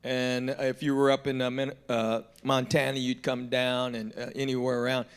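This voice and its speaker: A male comedian on a live-streamed panel, telling a road story and acting out each line of dialogue with big jumps in pitch and loudness. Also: flat delivery, normal speed, clean tone. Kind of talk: animated storytelling. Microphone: live stream panel mic.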